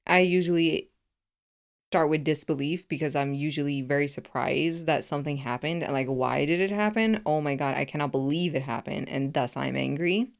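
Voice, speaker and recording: Female co-host, slightly low pitch, chatty and expressive, laughs easily. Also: normal speed, vocal fry. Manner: expressive and laughing, talks things through aloud. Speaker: podcast co-host. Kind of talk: casual chat.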